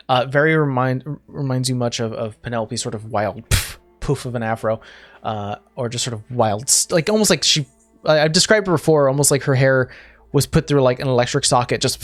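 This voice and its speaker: A man narrating a tabletop game as game master, describing scenes in a rambling way with many fillers and restarts. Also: mid-range voice.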